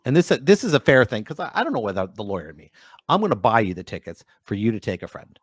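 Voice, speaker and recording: A man's voice: fairly low pitch, big pitch swings, fast talker, no room sound, clean studio sound. A man co-hosting a comedy radio show, wry and dramatic in casual chat. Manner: wry, dramatic, swings voice for quotes. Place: radio studio.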